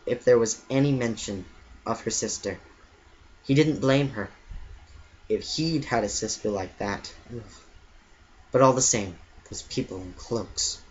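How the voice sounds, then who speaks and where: A man reading a storybook aloud. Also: mid-range voice. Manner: expressive amateur reading with occasional slips. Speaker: audiobook reader. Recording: muffled lo-fi with faint hiss.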